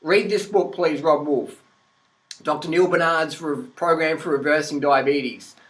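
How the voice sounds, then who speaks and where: A man's voice: on the high side, fairly even intonation, a little slow, fairly bright tone, rough recording. An Australian man from Adelaide giving a blunt, sarcastic, swearing vlog rant, laughing often. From Adelaide, South Australia. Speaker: vlogger. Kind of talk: profane rant-style commentary.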